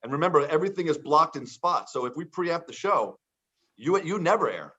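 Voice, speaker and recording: A man's voice: on the high side, animated, fairly quick, bright, forceful tone, husky. A man telling a casual story in conversation, acting out the lines of the people in it. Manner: chatty storytelling with quoted dialogue. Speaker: entrepreneur guest. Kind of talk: casual anecdote. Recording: dull lo-fi sound.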